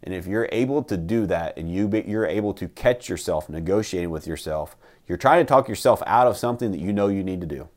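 Low-voiced man giving a motivational talk. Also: expressive, a little fast. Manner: emphatic, swears, repeats "right?".

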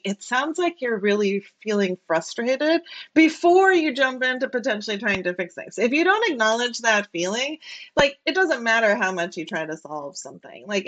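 A woman's voice: a little high, a bit bright. A woman being interviewed as an engineering leader, answering freely with lots of "like" and "right?" fillers over a remote call. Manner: talks freely, frequent "like" and "right?".

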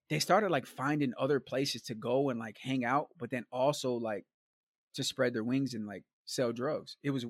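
A man tells a long story as a guest in a medium-pitched voice, captured in a studio-quality recording with no echo. He rambles casually and with animation, filling the tale with slang asides and words like "like," "man" and "bro."

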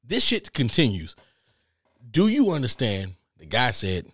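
A man's voice: medium pitch, huge pitch swings, a little slow, fairly bright tone, breathy edge, no echo, studio quality. A man hosting a podcast, giving emphatic commentary and often repeating himself as he reacts. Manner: emphatic, repeats words when worked up. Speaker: podcast host. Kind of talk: casual commentary.

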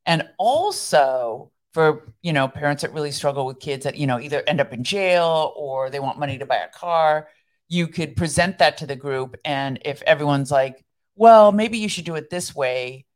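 Brief: female podcast co-host, deep voice, chatty explainer. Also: moderate pace. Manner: explanatory, chatty, laughs easily. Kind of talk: casual chat.

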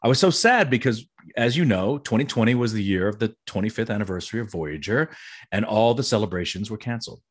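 Middle-aged male co-host, lowish voice, chatty and giggly. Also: quick pace, slightly rough. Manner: chatty, laughs often, excitable. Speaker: podcast co-host. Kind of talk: casual chat.

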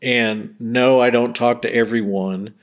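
A bereaved middle-aged father gives a casual interview, earnestly telling stories and voicing the people he quotes. His pitch is medium, his tone steady, and his pace a little slow.

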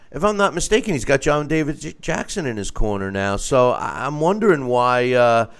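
A man's voice: medium pitch, a bit bright, clear, resonant tone. A man chatting casually about boxing, asking questions and stammering into restarts. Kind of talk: casual sports discussion.

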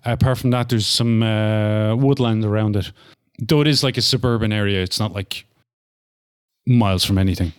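Low-voiced male game master, laid-back narration, lots of ums. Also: normal speed, smooth. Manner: relaxed, full of fillers.

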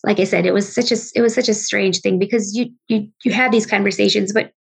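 Woman, middle-aged, gravelly voice, halting speech with restarts, interview guest. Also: mid-range voice, fairly even intonation. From Wisconsin, United States. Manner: halting, with frequent restarts and fillers. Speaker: guest, bereaved mother. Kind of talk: emotional personal storytelling in an interview.

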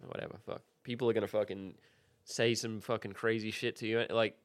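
A man talking fast and loose in a relaxed podcast chat, heavy on profanity. He acts out both sides of his stories as he goes. The sound is close and dry. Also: lowish voice, no room sound. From Australia. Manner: fast, profane, animated storytelling. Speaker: podcast guest, skateboarder. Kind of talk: casual chat.

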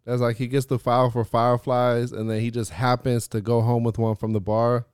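A man co-hosting a laid-back podcast who cracks dry, deadpan jokes. His voice is smooth and clear. The sound is close and dry, with no room echo. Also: medium pitch, a little fast. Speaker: podcast co-host. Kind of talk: casual chat.

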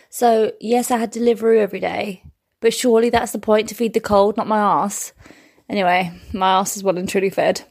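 A woman's voice: medium pitch, fairly even intonation, normal speed, darkish tone, slightly rough. Woman with a cold, jokey video diary. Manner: rambling, jokey, self-mocking. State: sick with a cold, sore throat. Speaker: touring stand-up comedian. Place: her bedroom.

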